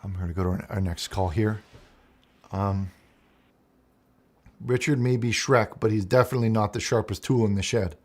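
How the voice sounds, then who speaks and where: A man's voice: fairly low pitch, normal speed, pauses often, a little mellow. Rambling man hosting a call-in show. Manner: rambling, hesitant, full of restarts. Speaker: host.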